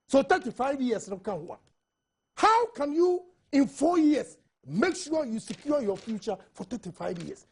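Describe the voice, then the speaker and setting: A man's voice: very high voice, darkish tone, slightly rough. A man with a Ghanaian accent, a studio panelist giving impassioned, argumentative commentary on a TV newspaper review, full of rhetorical questions.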